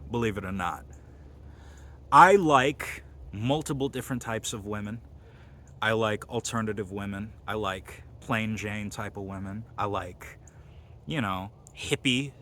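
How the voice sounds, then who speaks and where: A man talks through a rambling, crude comic monologue, full of fillers and deadpan boasts. His voice is bright and a little sharp-edged. He sounds like he is hosting his own video. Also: mid-range voice, a little hiss or hum. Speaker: comedy video host.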